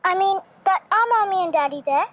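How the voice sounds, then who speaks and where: A man's voice: fairly quick, fairly bright tone, lo-fi sound, a little hiss or hum. A piping, worried little boy. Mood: anxious. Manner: high piping questions, eager and worried. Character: small anxious boy asking for his parents. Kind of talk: solo stage performance.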